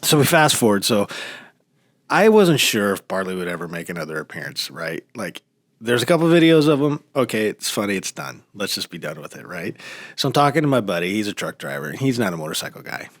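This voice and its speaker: A middle-aged American man telling stories in a casual chat, animated and mimicking other people's voices. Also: fairly low pitch, fairly quick, dry recording, clean studio sound. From United States. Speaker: podcast guest.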